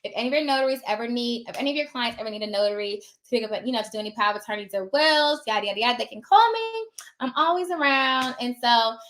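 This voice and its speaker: A chatty woman with a high, bright voice gives casual, rambling advice, slipping into animated bits of acted dialogue. She sounds a little tired. The room around her is echoey. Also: fast talker, a little hiss or hum. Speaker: notary.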